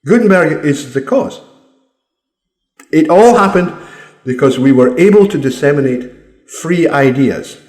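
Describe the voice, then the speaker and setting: Scottish male commentator, combative and swearing, lively pitch, roomy echo. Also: a little slow, long pauses. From Scotland. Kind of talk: opinion monologue.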